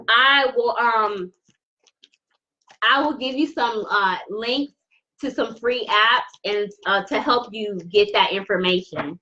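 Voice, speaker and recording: A woman's voice: fairly high pitch, slow, bright, forceful tone, highs cut off. A woman giving a live-streamed tarot reading, effusive and repeating phrases for emphasis. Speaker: tarot reader.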